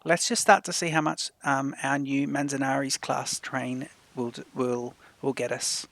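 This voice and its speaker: A man hosting a let's play, thinking aloud in a chatty, unhurried way as he plans his moves. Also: mid-range voice, flat delivery, vocal fry, fairly bright tone, no echo. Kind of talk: casual gameplay commentary.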